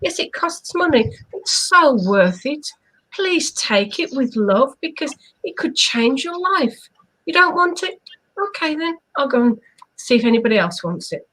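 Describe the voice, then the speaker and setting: A woman's voice: sits high, sing-song, measured pace, fairly bright tone, rough recording. A woman co-hosting a live online chat, a hypnotherapist who coaches earnestly and asks rhetorical questions. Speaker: hypnotherapist co-host. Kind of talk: casual live-stream chat.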